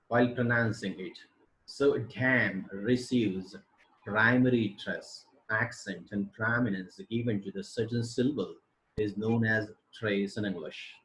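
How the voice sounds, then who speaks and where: A male English teacher gives a webinar lecture on pronunciation, drawing out example words to show where the stress and intonation fall. His voice is mid-pitched and rises and falls a great deal. The room around him adds a noticeable echo. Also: fairly bright tone. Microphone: computer mic for an online webinar. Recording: roomy echo.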